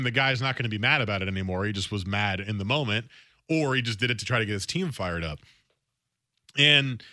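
A man hosting a sports talk radio show, talking in a conversational, animated way and often restarting his phrases. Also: mid-range voice, no room sound, clean studio sound. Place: radio studio.

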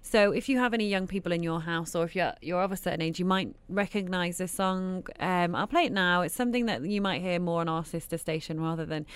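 Radio host lady, lowish voice, dry close studio sound, chatty. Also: fairly quick, few pauses, smooth, dry recording. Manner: chatty, animated storyteller. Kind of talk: casual radio chat.

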